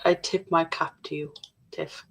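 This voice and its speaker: A woman's voice: low voice, fairly even intonation, measured pace, creaky, a bit bright. A woman co-hosting a casual livestream, reading viewers' comments aloud in a blunt, sweary way.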